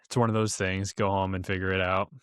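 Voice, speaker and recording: A man's voice: low voice, flat delivery, quick pace, a bit bright, smooth, no room sound, clean studio sound. A man co-hosting a podcast, talking bluntly in casual chat. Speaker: podcast co-host.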